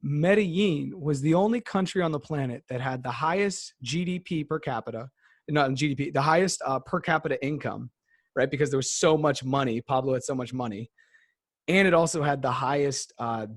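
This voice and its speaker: A man in his thirties explaining things in a relaxed, filler-heavy way during casual podcast talk. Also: mid-range voice, normal speed, dry recording, studio quality. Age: 30s. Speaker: podcast host. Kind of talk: casual conversation.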